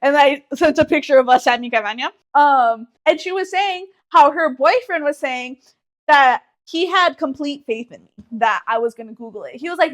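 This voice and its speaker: A young woman co-hosting a podcast, telling a story in a casual, animated way with plenty of swearing. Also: high voice, normal speed. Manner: animated, swearing, exaggerated retelling. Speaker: podcast co-host.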